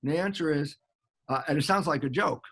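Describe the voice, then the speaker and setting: An older man explaining science in a lively lecture style, quoting sources and acting out both sides of an imagined dialogue. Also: a little high, fairly quick, husky. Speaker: guest biologist.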